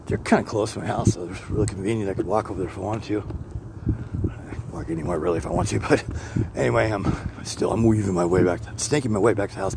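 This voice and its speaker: A low-voiced man rambles through a podcast as he walks outside. He talks bluntly, swears freely and keeps breaking off and restarting. Traffic and street noise run clearly under his voice. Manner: rambling, with frequent restarts and digressions. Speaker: podcast host. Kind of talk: rambling walk-and-talk monologue. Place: outdoors, walking neighborhood streets. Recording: outdoor street noise with passing vehicles. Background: passing traffic and street ambience.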